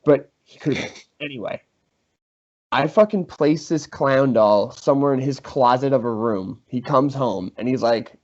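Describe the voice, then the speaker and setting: A man's voice: mid-range voice, normal speed. Young man telling a story, lo-fi sound. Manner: animated, swearing, acts out quotes. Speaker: podcast host. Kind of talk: casual storytelling among friends. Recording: slightly dull lo-fi sound.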